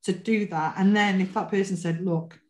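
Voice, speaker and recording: A woman's voice: medium pitch, fairly even intonation, darkish tone. A chatty, teasing woman with a Welsh accent hosts a casual podcast conversation. Her mid-range voice rings in a roomy space. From North Wales. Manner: chatty, teasing, quick to laugh. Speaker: podcast host. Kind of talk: casual chat. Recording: roomy echo.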